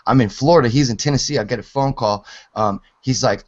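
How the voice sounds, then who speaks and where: A man's voice: medium pitch, brisk, muffled recording. A man in his forties rambling casually about physics theories, swearing and laughing often. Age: 40s. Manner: rambling, profane, laughs a lot. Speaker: hangout participant.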